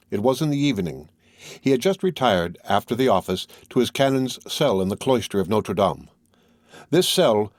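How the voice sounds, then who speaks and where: A man reading a classic novel aloud as scripted narration, in a measured and even manner. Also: on the low side, dry recording, clean studio sound. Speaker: audiobook reader.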